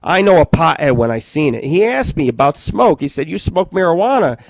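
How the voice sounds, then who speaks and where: A middle-aged man hosts his own radio show, spinning crude, profanity-laced stories that wander from one tangent to the next. His voice sits a little high for a man. The sound is close and dry, with no room echo. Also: sing-song, brisk, creaky. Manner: profane, rambling storyteller. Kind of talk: crude comedic monologue.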